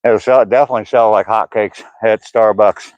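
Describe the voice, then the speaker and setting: A man's voice: on the low side, steady tone, normal speed, dry recording, low-quality recording. An older man joking and laughing as he reads live chat comments aloud during a walk on a trail. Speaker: vlogger. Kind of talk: casual live-stream chat while walking. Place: outdoor walking trail.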